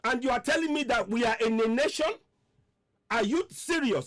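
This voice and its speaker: A man's voice: extremely high pitch, moderate pace, fairly bright tone. A man hosting an online radio show, speaking out in impassioned commentary and hammering home repeated rhetorical questions.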